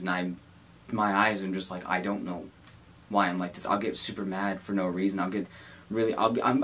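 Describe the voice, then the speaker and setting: A young man talking to camera about his own feelings, halting and earnest, with many restarts. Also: lowish voice, slight background noise. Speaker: content creator. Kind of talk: personal talk to camera.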